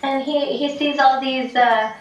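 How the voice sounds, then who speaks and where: A woman's voice: high-pitched, steady tone, measured pace, muffled recording, slight background noise. A woman from Tibet casually telling a folk tale, chatty with many fillers and frequent laughs. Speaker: storyteller. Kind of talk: casual storytelling. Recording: echoey room, distant mic.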